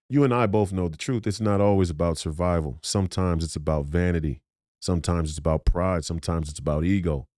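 Podcast host, male, low voice, confrontational and profane, repeats lines for emphasis, dry sound. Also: warm tone, no echo. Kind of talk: profane monologue.

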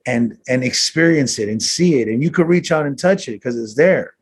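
A man talking in a relaxed conversation, telling earnest personal stories with street slang and the odd swear word. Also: medium pitch, moderate pace, slight background noise. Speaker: guest. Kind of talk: casual conversation.

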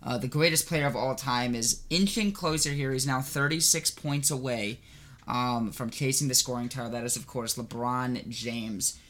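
A man's voice: medium pitch, normal speed, fairly bright tone. A man co-hosting casual sports talk, loose with lots of fillers. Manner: casual, heavy use of "like" and "you know". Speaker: sports podcast co-host.

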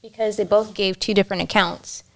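A woman's voice: medium pitch, steady tone, brisk. A woman taking part in a Bible study, asking a question, heard from a distance.

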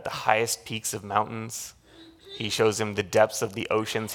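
Gravelly-voiced man preaching a sermon. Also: medium pitch. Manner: animated storytelling with frequent restarts and laughs. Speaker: pastor.

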